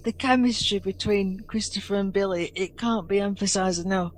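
A woman's voice: medium pitch, normal speed. Woman chiming in on a podcast. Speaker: podcast co-host. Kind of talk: casual chat.

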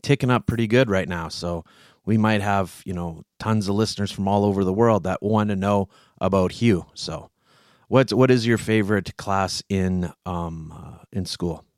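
A man's voice: sits low, moderate pace, a little mellow, no room sound, studio quality. A man hosting a casual online show, chatty and prodding, interviewing a guest. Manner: chatty, prodding, restarts often. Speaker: host.

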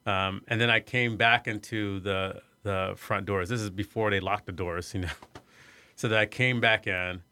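A middle-aged man from Iowa telling a personal story in an interview, soft-spoken and hesitant, with many fillers and restarts. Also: lowish voice, steady tone, a little slow, no echo. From Iowa, USA. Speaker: arts center executive director.

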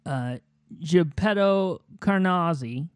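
A man improvising a silly film pitch in casual chat, halting with many fillers and restarts. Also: clean tone, dry recording.

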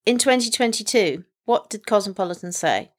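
A British woman co-hosts a chatty podcast at an average pitch for her sex. She talks hesitantly, with frequent ums and restarts, and keeps a dry, wry tone. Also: lively intonation, a little fast. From Britain. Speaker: podcast co-host. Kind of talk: casual chat. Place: in Canada.

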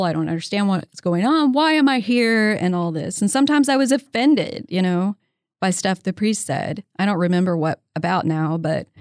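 A woman in her fifties, an interview guest telling her story in a casual, animated way, often slipping into the voices of the people she quotes. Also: mid-range voice, dry recording, studio quality. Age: 50s. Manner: chatty, with frequent "um" and "you know".

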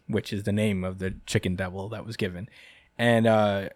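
A man's voice: on the low side, steady tone, normal speed, no room sound, studio quality. A man hosting a podcast, recapping a chapter in a casual, rambling way with frequent laughs. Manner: rambling, lots of ums and laughs. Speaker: podcast host.

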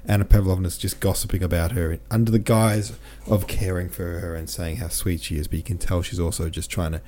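A man's voice: deep voice, level tone, brisk, dark tone, a little hiss or hum. A man hosting a podcast, talking casually and rambling through a book discussion while reading listener comments aloud. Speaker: podcast host.

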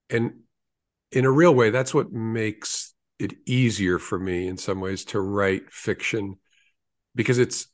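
A man in his sixties, an author being interviewed, telling stories in an earnest, reflective way with small restarts. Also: fairly low pitch.

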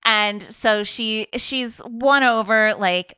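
A woman's voice: fairly high pitch, fairly even intonation, takes it slowly, fairly bright tone, smooth, dry recording, clean studio sound. A woman co-hosting a podcast, retelling a movie plot in a rambling, chatty way full of fillers. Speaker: podcast co-host recapping a film. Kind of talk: casual chat.

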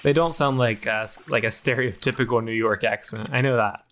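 A man's voice: mid-range voice, fairly even intonation, brisk, a bit bright, slight background noise, natural voice. A man doing Chip, a nagging chipmunk. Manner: nagging, needling, argumentative. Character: petty, nagging male chipmunk. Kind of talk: improv comedy role-play.

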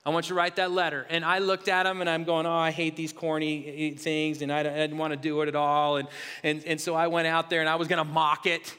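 A man's voice: fairly high pitch, level tone, brisk, sharp tone, clear, resonant tone. A male pastor preaching a sermon in an earnest, confessional way, often restarting and repeating his words. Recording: hall reverb.

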